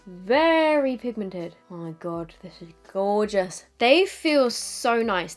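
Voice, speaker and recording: A young British woman, a beauty vlogger, chatting casually as she tries out makeup, with gushing little asides. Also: medium pitch. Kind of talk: casual makeup testing vlog.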